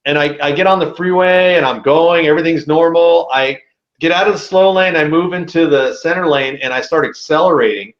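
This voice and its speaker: Man, slightly high voice, casual slangy storyteller, echoey room, muffled sound. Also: brisk. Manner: animated, slangy, says dude a lot. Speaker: podcast guest.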